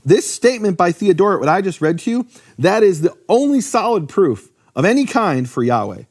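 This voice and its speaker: A man teaching in casual talk, lively, with many fillers and restarts. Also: high-pitched, fairly quick. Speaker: Bible teacher.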